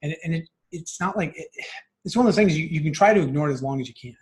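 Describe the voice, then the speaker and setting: A man's voice: a little high, lively intonation, fast talker, darkish tone. A man in his thirties, a guest reflecting earnestly on men's friendships in a casual interview. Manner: earnest, reflective, many fillers and restarts. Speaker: guest, men's group founder.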